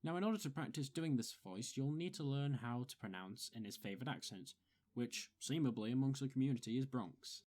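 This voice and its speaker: A man's voice: mid-range voice, expressive, brisk, a little mellow. A man giving step-by-step voice-acting advice in a methodical, instructive way. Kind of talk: explanatory tutorial.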